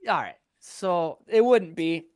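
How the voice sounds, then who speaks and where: A man's voice: fairly high pitch, animated, slow, dry recording, clean studio sound. Young man, eager storyteller. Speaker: podcast guest. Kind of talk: casual chat.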